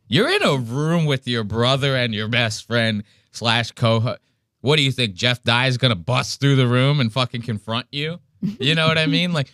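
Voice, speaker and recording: A man's voice: mid-range voice, a bit bright, no echo, studio quality. A man hosting a podcast, ranting and mocking a clip in profane casual commentary. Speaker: podcast host reacting to a clip.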